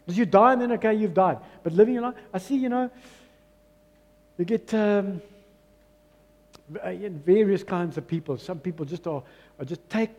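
A man preaches a sermon, his voice high for a man, mellow and a little husky. He drives his points home by repeating phrases. The long reverb of a church hall trails behind him. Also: fairly quick. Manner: emphatic, repeats phrases, mixes in Afrikaans. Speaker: pastor.

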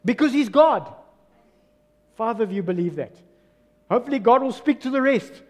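A man with a South African English accent preaches with a high voice that keeps swinging from hushed lows to loud peaks. He acts out the voices of doubters and crowds as he goes. His voice rings in the long reverb of a church hall. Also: animated, normal speed. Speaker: pastor. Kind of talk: sermon.

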